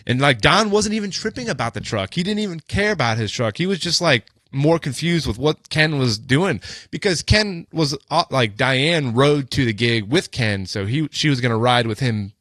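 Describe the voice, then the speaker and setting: Podcast co-host, male, casual storyteller with a bright, forceful voice and a dry, close sound, rambling and swearing freely with plenty of "like" and "you know". His pitch sits in the ordinary middle range. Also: animated, moderate pace, hardly any pauses, no echo. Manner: loose and profane, with many fillers like "like" and "you know".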